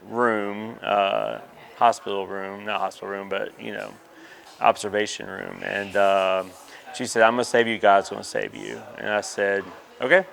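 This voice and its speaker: A man's voice: on the low side, creaky. A man, candidly telling a personal story in an interview, with many fillers. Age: 30s.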